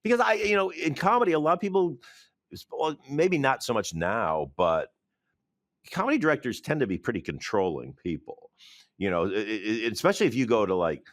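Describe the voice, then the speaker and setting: A man, a film director, talking in an interview from his office, animated, laughing often and acting out quotes. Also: mid-range voice, a little fast, no echo, clean studio sound. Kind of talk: interview conversation.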